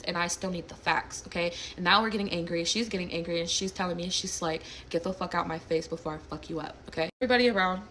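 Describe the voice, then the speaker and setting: A young woman tells a personal story straight to camera in an animated, blunt way, with plenty of swearing. Her voice sits at a middle pitch, and a faint hiss runs underneath. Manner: animated, blunt, swears freely, acts out quotes. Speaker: storyteller recounting a personal incident. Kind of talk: casual storytime monologue.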